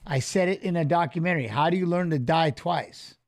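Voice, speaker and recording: A middle-aged former fighter hosting a casual live stream, rambling through stories and swearing freely. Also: male voice, on the high side, fairly quick, darkish tone. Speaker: show host and former fighter.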